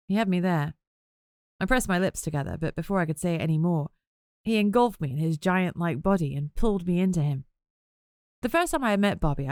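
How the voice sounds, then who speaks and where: A woman with a low voice reading a first-person novel aloud. Her narration is wry and conversational, with a close, dry sound. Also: a little mellow, no room sound. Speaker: audiobook narrator.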